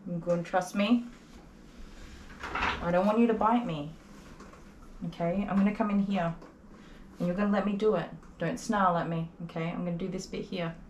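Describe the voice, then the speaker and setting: A young woman dog groomer talking gently and coaxingly to a nervous dog while she works, openly emotional and tender. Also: on the low side, steady tone, normal speed, pauses often, low-quality recording. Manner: gentle, coaxing, soft-spoken. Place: grooming salon, indoors. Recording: clipper buzz and background noise.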